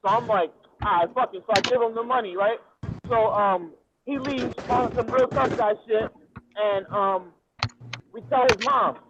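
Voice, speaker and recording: Excitable high-voiced man telling a story. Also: moderate pace, background noise. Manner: profane, excitable, slangy street talk. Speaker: storyteller guest. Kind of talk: casual chat, animated storytelling. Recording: tinny phone-like audio.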